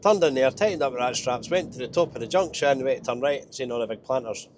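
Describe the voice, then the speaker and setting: A man's voice: mid-range voice, fast talker, slight background noise. A Scottish truck driver with a head cold and a nasal voice, chatting wryly and mocking himself as he drives. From Scotland. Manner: chatty, self-mocking, wry. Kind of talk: casual driving vlog. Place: truck cab.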